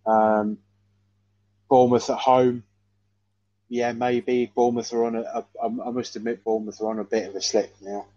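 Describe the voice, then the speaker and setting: A man in casual football chat, hesitant and measured, often repeating himself. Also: mid-range voice, flat delivery, dark tone, dry recording. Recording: dull dry lo-fi sound.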